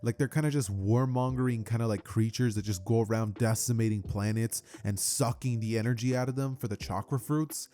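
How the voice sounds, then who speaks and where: A man's voice: mid-range voice, fairly quick, few pauses, mellow. A man hosting his channel, telling a what-if fan story in a casual, rambling way full of fillers. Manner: chatty, many fillers like "like" and "kinda".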